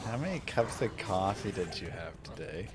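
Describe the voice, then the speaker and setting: A man's voice: deep voice, animated, normal speed. A man streaming a game, chatting in a wry, casual way and answering messages. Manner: wry, chatty, talks back to alerts. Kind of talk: casual gaming commentary.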